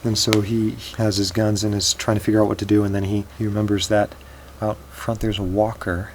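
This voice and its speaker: A man telling an improvised story in a halting way, often repeating words. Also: fairly low pitch, level tone, slight background noise, poor audio.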